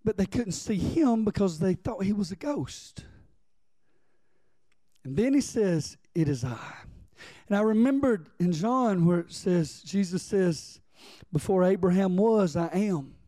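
A man's voice: high-pitched, lively intonation, unhurried, dark tone, no room sound. A man preaching a sermon as pastor, reading scripture and calling on the congregation to respond.

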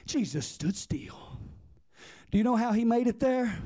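A man's voice: very high voice, expressive, unhurried, warm tone. A man preaching a sermon with impassioned, rhythmic repetition.

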